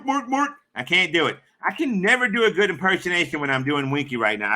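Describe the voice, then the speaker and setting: A man's voice: mid-range voice, sharp tone. A man chatting on his live stream in a rambling, crude and profane way. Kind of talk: casual live-stream chat.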